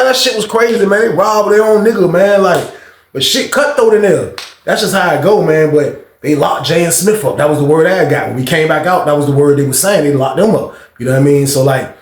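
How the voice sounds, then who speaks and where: A man's voice: on the high side, echoey room. A man hosting a casual storytime vlog, telling it loose and slangy, saying "man" often. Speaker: storyteller host.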